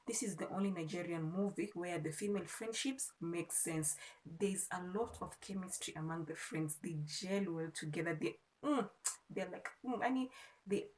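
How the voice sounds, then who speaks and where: A woman's voice: fairly low pitch, a little mellow, poor audio. A woman with a Kenyan accent, chatting casually and rambling a little as she reviews a movie for her vlog. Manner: chatty and rambling, with frequent restarts. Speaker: vlogger.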